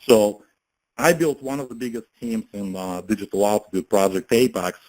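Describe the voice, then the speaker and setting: A man's voice: fairly low pitch, a little mellow, low-quality recording. A man giving a casual motivational talk about network marketing, chatting and often asking his listeners questions.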